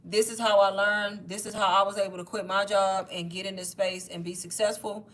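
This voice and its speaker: A young woman talks straight to her livestream viewers in a loose, chatty pitch, calling them "y'all" again and again. She sounds a bit out of breath as she keeps urging people to ask questions in the chat. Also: level tone, fairly quick, a bit bright. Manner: chatty, says "y'all" constantly. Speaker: online course seller hosting a livestream. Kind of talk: casual livestream sales pitch.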